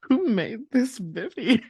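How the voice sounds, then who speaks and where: A woman's voice: on the high side, sing-song, takes it slowly, husky, no room sound. Rambling, laughing woman podcast co-host. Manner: rambling, laughs often, restarts sentences. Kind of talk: casual chat.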